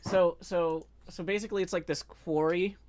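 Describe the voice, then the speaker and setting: A man with a Southern US twang hosting a casual live stream, rambling and excitable as he pitches ideas. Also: moderate pace, dry recording. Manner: rambling, excitable, laughs at his own jokes. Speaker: streamer host.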